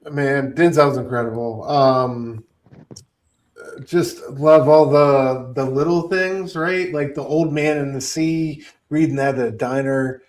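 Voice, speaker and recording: A man with a mid-range voice co-hosts a casual film podcast. He rambles in a relaxed, slangy way. He sits a little back from the mic. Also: medium pitch, slow, far from the mic. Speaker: podcast co-host. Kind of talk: casual movie review chat.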